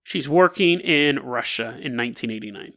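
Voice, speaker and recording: A man hosting a podcast, telling a strange tale in a casual, animated way and laughing between lines. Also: medium pitch, normal speed. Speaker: podcast host. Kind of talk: casual storytelling.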